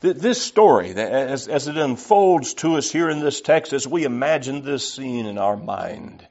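Earnest gravelly preacher. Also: male voice, mid-range voice, animated, moderate pace, a little mellow. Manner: earnest, emphatic preaching with scripture reading. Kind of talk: sermon. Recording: slightly dull lo-fi recording.

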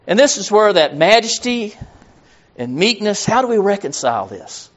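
A man's voice: high voice, sing-song, moderate pace. A man preaching a sermon, rambling, repeating words and losing his place as he reads scripture. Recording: dull lo-fi sound.

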